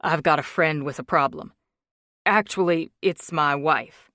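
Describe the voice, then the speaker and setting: Woman narrator playing a calm, determined rich man, a touch lower than her own voice, dry audiobook read. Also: measured pace, no echo. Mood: urgent. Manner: steady, low-key, firm. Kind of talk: audiobook character reading.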